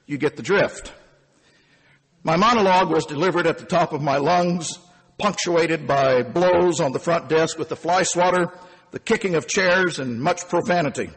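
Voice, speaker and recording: A man in his fifties narrates a personal story in an animated, emphatic way. His voice sits a bit high and husky. A long reverb trails each phrase. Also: moderate pace.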